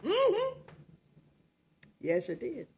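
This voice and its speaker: A woman's voice: extremely high pitch, huge pitch swings, extremely slow, darkish tone. An older woman hosting her own opinion show, talking in a sassy, mocking, emphatic way. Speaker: commentary show host. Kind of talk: opinionated commentary.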